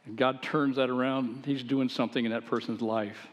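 A man's voice: mid-range voice, fairly even intonation, fairly quick, hardly any pauses. Man preaching in a reverberant hall. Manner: earnest, rising to emphatic exhortation. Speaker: pastor. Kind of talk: sermon.

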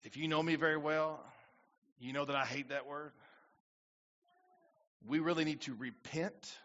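Bright-voiced pastor preaching. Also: male voice, fairly high pitch, steady tone, unhurried. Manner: preaching with rising emphatic bursts and quoted prayers. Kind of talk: sermon. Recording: dull lo-fi church recording.

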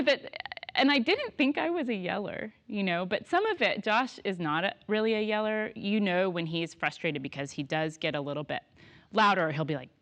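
A woman in her thirties telling stories in casual conversation, laughing often and animated. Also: medium pitch. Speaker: guest.

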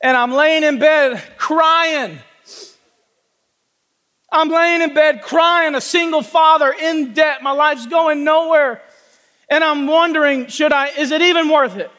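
A man preaching a testimony sermon in a church, talking with passion and folksy asides, and shouting at the peaks. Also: very high voice, takes it slowly, long reverb tail. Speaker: pastor. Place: church sanctuary with congregation.

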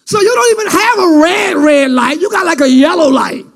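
A male preacher giving an animated sermon in casual slang, often breaking into shouts. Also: very high voice, moderate pace, gravelly.

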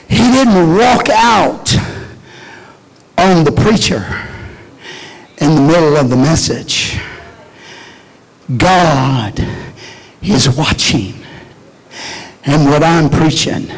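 High, gravelly man preaching a fiery sermon. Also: expressive, very slow, pauses often, poor audio. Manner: impassioned shouted preaching, dropping to soft prayer. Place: church with a congregation.

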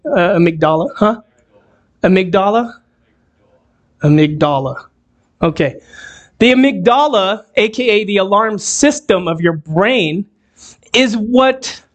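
A man preaching a sermon in a church, talking to the congregation and putting questions to them. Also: high voice. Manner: conversational, asks the audience questions. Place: church hall, also streamed on a video call.

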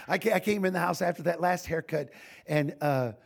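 A man's voice: high voice, creaky, a bit bright, husky. An older man, a pastor, giving an informal sermon full of humorous stories, folksy and joking, with frequent restarts.

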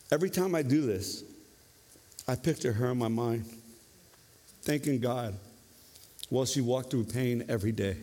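A male preacher giving a lively, conversational sermon, often tagging his points with questions. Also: mid-range voice. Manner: conversational, animated, tag questions. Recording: long reverb of a hall.

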